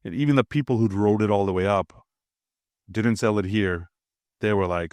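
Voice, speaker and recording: A man's voice: fairly low pitch, normal speed, a little mellow, no echo, clean studio sound. A man hosting a crypto channel, talking casually over a price chart with a slightly nasal voice, blunt and swearing, often checking in with "okay?".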